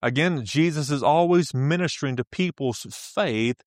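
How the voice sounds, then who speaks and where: Man, preacher, sermon, emphatic, repetitive, laughs often, slightly high, dry close sound. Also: moderate pace, no echo. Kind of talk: sermon teaching.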